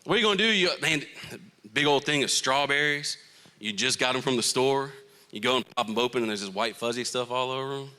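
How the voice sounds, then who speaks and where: A young man with a Southern US accent preaching to a youth group, animated and joking with the crowd between points. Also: medium pitch, fairly quick, clear, resonant tone. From Florida. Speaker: youth pastor. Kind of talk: youth sermon.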